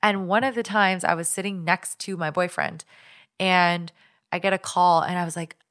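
A young woman hosting a podcast, telling a story in casual, animated chat. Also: lowish voice, normal speed. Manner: chatty storyteller, animated retelling. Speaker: podcast host.

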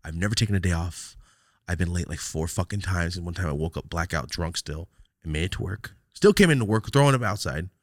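A young man hosting a podcast, telling a long story in casual, profane chat and jumping into loud quoted outbursts. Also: low-pitched, lively intonation, a little fast, dry recording, studio quality. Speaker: podcast host.

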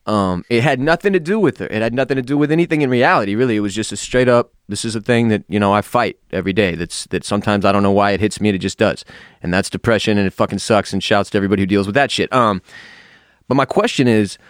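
A man's voice: on the low side, fast talker, no room sound, studio quality. A man hosting a podcast, frank and open, swearing freely with many hesitant fillers in candid casual talk. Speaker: podcast host.

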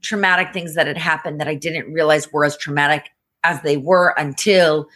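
Here a woman's low-pitched, fairly bright voice holds a steady tone at normal speed. She is a podcast guest sharing stories frankly and emphatically, conversational throughout, with frequent "like" and "you know."

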